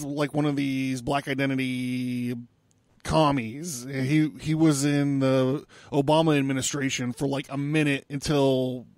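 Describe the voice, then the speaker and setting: A man's voice: on the high side, darkish tone, no echo. A man hosting a casual podcast monologue, rambling and sarcastic, swearing often. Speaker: podcast host.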